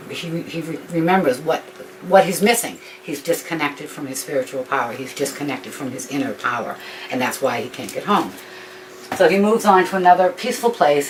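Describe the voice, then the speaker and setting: A woman retelling a story informally, rambling with frequent ums and restarts. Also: low-pitched. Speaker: author telling her story. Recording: distant mic with faint background noise.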